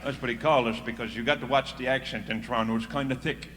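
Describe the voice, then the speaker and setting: A man's voice: mid-range voice, fairly even intonation, quick pace, few pauses, a bit bright. A middle-aged man with a Newfoundland accent telling comic stories on stage in a chatty, folksy way and laughing at his own jokes. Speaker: comedian. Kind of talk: live stand-up storytelling. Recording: live stage recording in an echoey hall. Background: audience laughter and crowd noise.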